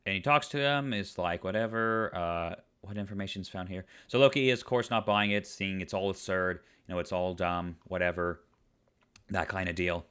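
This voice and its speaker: A man's voice: deep voice, moderate pace, fairly bright tone, smooth. A man giving an exasperated review rant, firing off one rhetorical question after another. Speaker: online reviewer. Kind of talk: ranting episode review.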